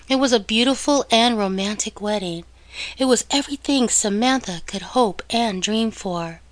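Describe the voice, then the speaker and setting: A woman narrating an audiobook in a measured, even storytelling manner. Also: on the high side, no room sound, rough recording.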